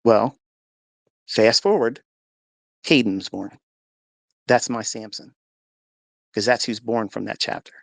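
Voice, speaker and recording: Gravelly guy telling his story, dry close mic, gets fired up acting out the quotes. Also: on the low side, takes it slowly, long pauses, fairly bright tone, no room sound. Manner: earnest storytelling, acts out quotes with rising intensity. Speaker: host. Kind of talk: personal testimony to a live audio room.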